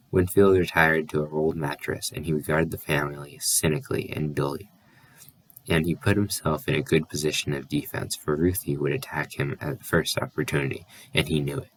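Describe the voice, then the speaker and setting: A man's voice: very deep voice, steady tone, a little fast, no room sound. A man reading a novel aloud as an audiobook, with small slips and restarts. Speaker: audiobook reader.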